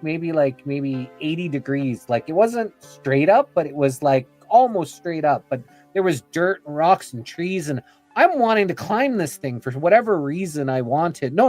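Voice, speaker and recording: Speaking in a fairly high-pitched voice with a darkish tone, this man is a guest on a podcast. He wanders through a long personal story, full of "you know" and "like," acting out what people said along the way.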